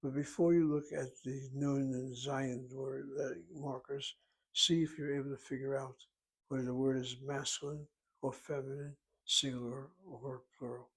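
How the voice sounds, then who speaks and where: A male language teacher walks through Hebrew grammar methodically. His voice is somewhat husky and keeps a flat, level intonation. He sits at a middle pitch, neither high nor low. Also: normal speed. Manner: methodical, explains step by step. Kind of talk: recorded language lesson.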